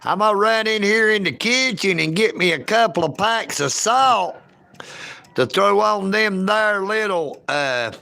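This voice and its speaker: A man chats with his live-stream viewers in an unhurried, folksy drawl. His voice sits high and has a gravelly edge, with a bright, forward tone. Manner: folksy, drawling, talks straight to chat. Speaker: livestream host. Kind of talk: casual live-stream chat.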